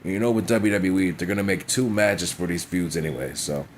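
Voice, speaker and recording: Deep-voiced man ranting bluntly. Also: fairly quick, a little hiss or hum. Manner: blunt, profane, frequent "you know what I'm saying". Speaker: wrestling show reviewer. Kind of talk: casual profane rant.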